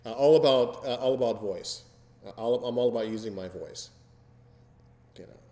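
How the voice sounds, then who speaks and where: A man hosting a podcast in casual chat, talking slowly and deliberately with many fillers. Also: mid-range voice, warm tone. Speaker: podcast host. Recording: echoey room with long reverb.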